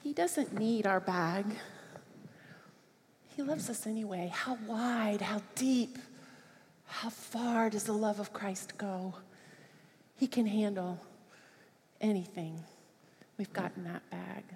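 A middle-aged woman preaching, telling a personal story in an animated way and acting out children's voices. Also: medium pitch, slow pace, long pauses. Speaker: speaker at a church service. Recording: long hall reverb.

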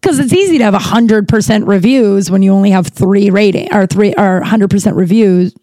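A woman's voice: mid-range voice, a little fast, warm tone, no room sound. A woman hosting a podcast, telling a personal story in a casual, rambling way, full of fillers and restarts. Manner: candid, lightly profane. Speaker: podcast host.

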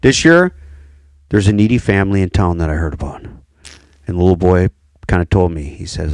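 A man's voice: deep voice, lively intonation, fairly quick, no echo, clean studio sound. A man from Wisconsin telling hunting stories in casual chat, joking and laughing often.

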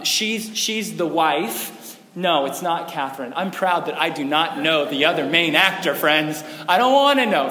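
Animated preacher man in a reverberant hall. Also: high voice. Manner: animated storytelling, acts out scenes. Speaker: pastor. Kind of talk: sermon.

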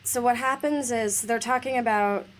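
Young woman co-host, casual and wry, mid pitch, faint background noise. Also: fairly even intonation, moderate pace. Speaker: podcast co-host. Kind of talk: casual podcast chat, reading book passages aloud.

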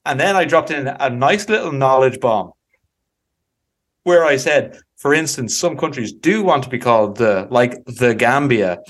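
A man co-hosting a casual podcast. He tells a story loosely and chattily, with lots of fillers along the way. His voice sits at an ordinary middle pitch. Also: animated, a little slow. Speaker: podcast co-host. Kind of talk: casual chat.

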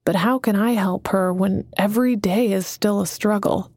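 A woman's voice: medium pitch, normal speed, darkish tone, no room sound, studio quality, close to an everyday voice. A woman voicing an earnest, anxious man in recovery who sounds hesitant and pleading, in an audiobook. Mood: worried.

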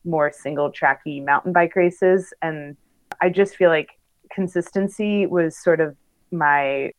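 On a rough recording, a professional bike racer, a young woman, talks casually in an interview, laughing and using plenty of fillers. Her pitch is low and her pace a little slow.

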